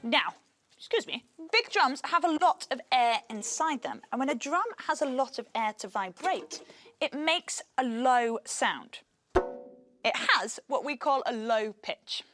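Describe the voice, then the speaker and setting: A woman presenting a children's science lesson in an upbeat, clear way. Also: high-pitched, lively intonation, unhurried, fairly bright tone. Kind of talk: scripted science lesson for kids. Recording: music playing behind the voice.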